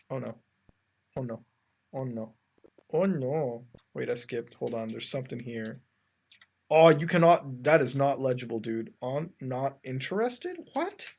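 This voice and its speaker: A man hosting a casual web-browsing commentary. He rambles and sounds exasperated, fills his talk with "like" and restarts, and addresses his audience as ladies and gentlemen. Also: mid-range voice. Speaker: host.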